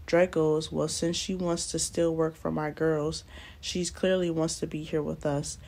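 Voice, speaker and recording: A young woman spins a casual storytime with a low, gravelly voice. She talks in blunt, slangy bursts, close to the mic. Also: flat delivery, unhurried, a little mellow. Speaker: storytime vlogger. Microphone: close mic, doing nails on camera.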